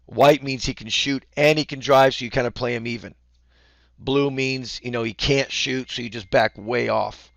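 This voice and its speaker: A man coaching basketball, explaining defense casually and acting out the calls he yells courtside. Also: medium pitch, vocal fry, no room sound, studio quality. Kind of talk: instructional talk.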